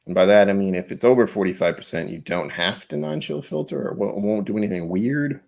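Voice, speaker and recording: A man's voice: on the low side, fast, vocal fry, a little mellow. A man hosting a casual livestream, rambling and chatty with frequent laughs, his voice a bit tired. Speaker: livestream host.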